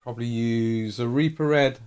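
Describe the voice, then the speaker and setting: A man's voice: medium pitch, moderate pace, a little mellow, smooth. A man in his late thirties chatting casually on a live stream while painting miniatures, rambling and joking and laughing at himself. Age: 30s.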